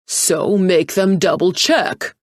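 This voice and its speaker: A woman voicing an arrogant, impatient male tech mogul who talks loud and dismissive. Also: fairly low pitch, slow, dry recording, clean studio sound. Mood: curt.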